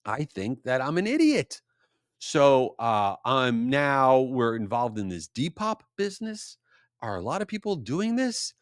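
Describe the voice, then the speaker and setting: A middle-aged man hosting his podcast, talking in a casual, animated storytelling way. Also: a little slow, no room sound, clean studio sound. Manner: animated storytelling, rising to exasperated high pitch. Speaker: podcast host. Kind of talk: casual solo podcast monologue.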